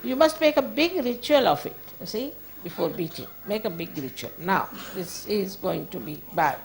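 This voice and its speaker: A woman's voice: mid-range voice, animated, normal speed, a little hiss or hum. A woman giving an informal spiritual talk as a teacher, conversational and firm, chiding at times and often laughing.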